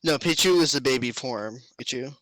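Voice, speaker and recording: A teenage boy chatting on a stream call, excitable and teasing, often stumbling over his words. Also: mid-range voice, normal speed, low-quality recording. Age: teens. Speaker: co-host on a call. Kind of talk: casual stream chat.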